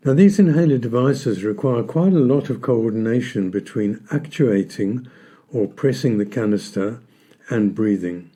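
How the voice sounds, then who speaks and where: A man calmly explaining a health topic in a measured, instructional talk, stressing key words. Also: mid-range voice. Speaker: health educator. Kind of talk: scripted educational talk.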